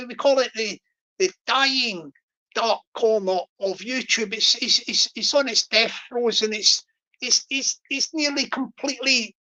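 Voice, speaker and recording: Slow, bright-voiced rambling woman. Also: high-pitched, low-quality recording. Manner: rambling and repetitive, chuckling often. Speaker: YouTuber. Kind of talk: casual monologue livestream commentary.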